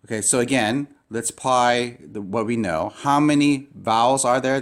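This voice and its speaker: A man's voice: medium pitch, normal speed, few pauses. A man teaching a recorded lesson on Greek syllable rules, explaining patiently with frequent fillers and restarts. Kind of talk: recorded classroom lecture.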